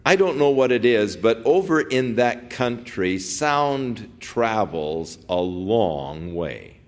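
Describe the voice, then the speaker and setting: Pastor with a lively, conversational delivery. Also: male voice, lowish voice, slow pace. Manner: conversational and digressive, with asides. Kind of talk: verse-by-verse Bible teaching.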